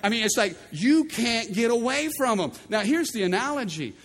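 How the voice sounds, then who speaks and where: A middle-aged man, a pastor, preaching a sermon in a playful, animated call-and-response manner in a large church. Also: extremely high pitch, moderate pace, some chatter behind. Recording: long reverb of a big hall.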